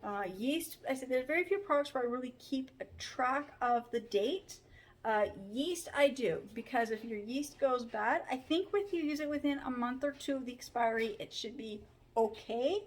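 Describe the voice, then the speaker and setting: A woman's voice: high-pitched, moderate pace. A woman chatting casually in a home vlog, rambling with frequent ums while sounding tired. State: tired, yawning. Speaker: vlogger. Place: home kitchen pantry.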